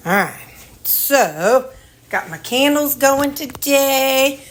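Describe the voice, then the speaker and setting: A woman's voice: high-pitched, expressive, extremely slow. A woman with a Missouri accent, rambling casually as she shows her home on a handheld phone and chats to her dogs. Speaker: vlogger. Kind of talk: casual home tour vlog. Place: her house, indoors.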